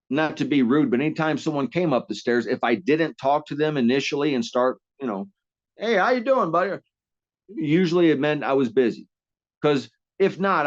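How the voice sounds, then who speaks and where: A man's voice: mid-range voice, highs cut off. A man telling stories casually as an interview guest, rambling with frequent restarts and coarse language. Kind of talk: casual storytelling.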